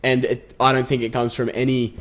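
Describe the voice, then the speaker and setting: A man's voice: medium pitch, monotone, brisk. A young man, co-hosting a casual podcast chat, rambling and restarting his sentences. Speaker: podcast co-host.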